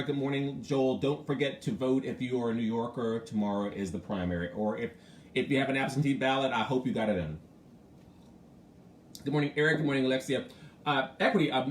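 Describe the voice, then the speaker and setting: Hosting a loose morning live stream, a man with a middle-pitched voice offers frank, animated, chatty commentary and greets viewers by name between thoughts. The room sounds echoey, with a faint ambient hum.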